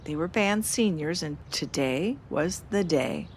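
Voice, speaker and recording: A woman narrates her own memoir in the first person, as the host of her podcast. Her voice sits low, and she keeps a wry, self-mocking humor as she tells it. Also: lively intonation, measured pace, a little hiss or hum.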